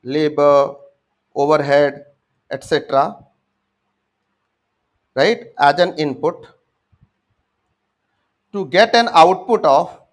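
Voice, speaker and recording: A man's voice: fairly high pitch, slow pace, pauses often. A young man with an Indian English accent, giving an exam-prep lecture and acting out students' answers as he speaks to them directly. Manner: addresses students directly, acts out their answers.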